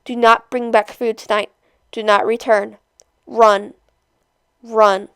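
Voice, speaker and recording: A woman's voice: on the high side, little pitch movement, slow, fairly bright tone, smooth, no room sound. Woman reading as a desperate, pleading father. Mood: urgent.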